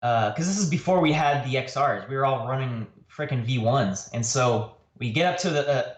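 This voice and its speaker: A man telling a story in a casual livestream chat, laughing often. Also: moderate pace. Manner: laughing storyteller, jumps high when quoting. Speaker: guest artist. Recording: roomy echo.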